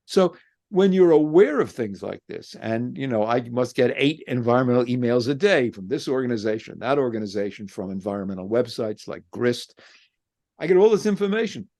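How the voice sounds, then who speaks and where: Man, professor and author, interview guest, impassioned, rhetorical questions, lively pitch, gravelly. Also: a little fast. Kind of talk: interview answer, reflective monologue.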